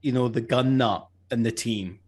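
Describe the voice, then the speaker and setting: A man's voice: medium pitch, normal speed, darkish tone. A man playing a tabletop game, rambling in a wry way. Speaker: player.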